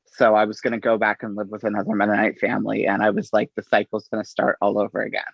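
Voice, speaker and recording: A middle-aged man, an interview guest, telling his story in an unhurried, halting way and acting out the exchanges he quotes. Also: on the low side, flat delivery, creaky, husky, dry recording. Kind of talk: conversational storytelling. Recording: dull, slightly lo-fi audio.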